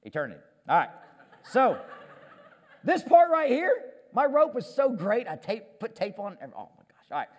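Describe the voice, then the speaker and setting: A man preaching a sermon on stage as pastor, animated and self-deprecating, often repeating words as he gets going. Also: very high-pitched, normal speed, long pauses, big-room sound. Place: church stage.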